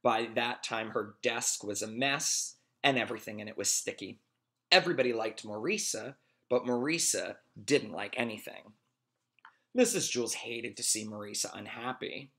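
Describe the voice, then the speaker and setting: A man reading a children's storybook aloud in a friendly, expressive, animated way. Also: mid-range voice, moderate pace. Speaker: reader.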